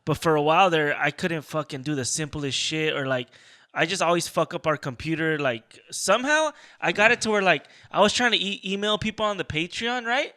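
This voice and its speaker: Young male podcast co-host, very bright, high voice, joking, quick to react. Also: lively intonation. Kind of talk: casual chat.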